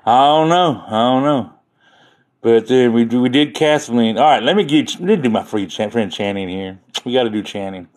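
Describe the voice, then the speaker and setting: A man's voice: medium pitch, animated, normal speed, a little mellow. A man chatting casually on a live stream, rambling and joking as he talks to his viewers.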